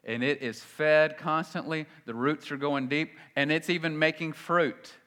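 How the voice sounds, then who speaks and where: Bright-voiced pastor in a reverberant hall. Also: male voice, a little high, steady tone, a little slow. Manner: conversational, shifting between loud emphasis and quiet asides. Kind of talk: sermon.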